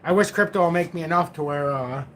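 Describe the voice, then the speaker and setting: Man, forties, livestream host, casual, self-mocking, slightly high voice, faint background noise. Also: fast, fairly bright tone. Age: 40s. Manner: joking, rambling, self-mocking.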